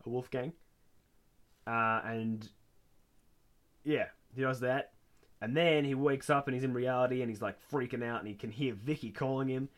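Podcast guy retelling a tv episode, chatty, does goofy high voices for the characters. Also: fairly even intonation, normal speed, long pauses. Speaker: podcast co-host. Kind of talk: casual chat recapping a TV episode.

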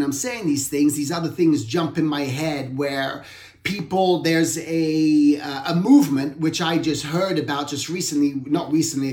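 Man in a roomy echo, rambling art talk. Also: fairly high pitch. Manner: rambling, reflective, self-correcting. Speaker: art instructor.

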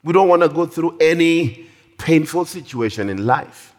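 Slow, animated high-voiced male preacher. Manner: animated, drawn-out emphatic delivery. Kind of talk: sermon. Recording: long reverb of a large hall.

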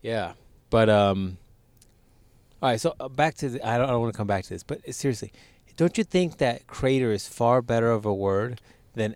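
A man's voice: mid-range voice, lively intonation, normal speed, a little mellow, dry recording. Laid-back laughing man, dry close sound. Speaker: podcast co-host. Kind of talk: casual crude podcast banter.

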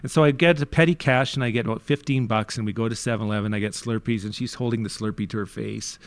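A man from Canada, a youth worker, telling his story in a candid interview, animated and switching between hushed and forceful moments, with frequent restarts. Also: mid-range voice, quick pace, no room sound.

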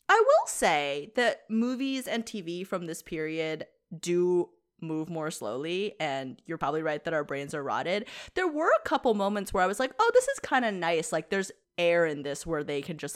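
A woman's voice: fairly low pitch, big pitch swings, normal speed, a bit bright. A woman co-hosting a podcast, chatting wryly about a film and giggling often. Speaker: podcast co-host. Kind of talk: casual film review chat.

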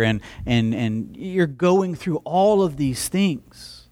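A man's voice: on the high side, lively intonation, slow, darkish tone. A man pastor preaching a conversational sermon, telling a story and acting out both sides of the dialogue, often restarting with repeated words.

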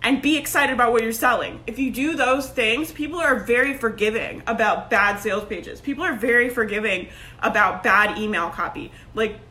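A woman in her thirties giving a loud, emphatic motivational talk to camera, laughing often and peppering her speech with "like" and "right?". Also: a little high, moderate pace. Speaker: online business coach. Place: at home. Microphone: phone.

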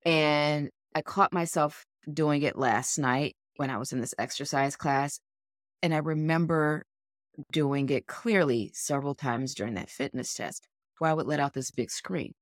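A woman's voice: low-pitched, a little slow, dry recording, clean studio sound. A woman co-hosting a podcast in an earnest, encouraging coaching tone. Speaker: podcast co-host. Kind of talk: motivational casual chat.

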